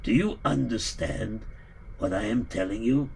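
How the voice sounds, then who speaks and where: A man telling a story live, animated and emphatic, stumbling over words at times. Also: mid-range voice, gravelly, slight background noise. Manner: animated, emphatic, halting restarts.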